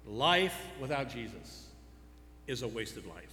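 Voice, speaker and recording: A man's voice: mid-range voice, sing-song, unhurried, a bit bright. A man preaching a sermon, firing off rhetorical questions and adding dry humorous asides. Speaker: pastor. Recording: echoey hall with faint hum.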